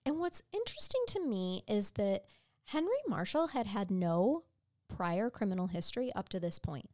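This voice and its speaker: A woman narrating a true crime case for a podcast, loose and conversational with dry, sarcastic asides. Her voice sits at an ordinary middle pitch. The sound is close and dry, with no room around it. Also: lively intonation, normal speed, darkish tone, no room sound. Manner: chatty storyteller, sarcastic asides. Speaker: podcast co-host.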